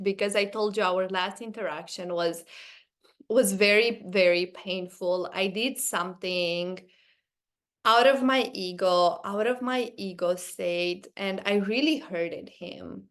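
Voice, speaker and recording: Earnest woman host telling a personal story. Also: medium pitch. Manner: earnest and animated, quick bursts when excited. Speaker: podcast host.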